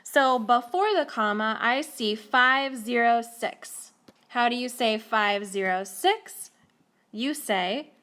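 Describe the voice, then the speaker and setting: A woman teacher explaining a math lesson to children slowly and carefully, recorded on a tablet. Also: on the high side, sharp tone.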